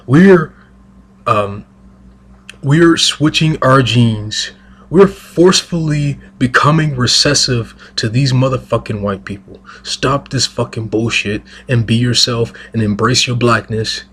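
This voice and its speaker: A man in a mid-pitched voice with a husky, breathy grain, swearing heavily through an emphatic solo rant. He pushes hard on his points, speaking into a single mic. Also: unhurried, fairly bright tone. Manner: emphatic, profane, heated. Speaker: vlogger. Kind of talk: profane monologue rant.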